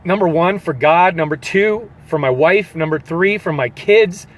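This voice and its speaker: A man's voice: on the high side, a little slow. A man speaking as a fitness coach in an earnest, emotional motivational pep talk, repeating phrases for emphasis. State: holding back tears.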